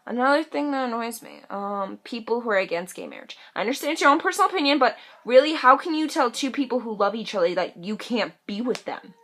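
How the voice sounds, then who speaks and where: A woman's voice: on the high side, normal speed, a bit bright. A teenage woman ranting in a casual vlog, chatty and sassy, full of "like" and playful mocking voices. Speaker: vlogger.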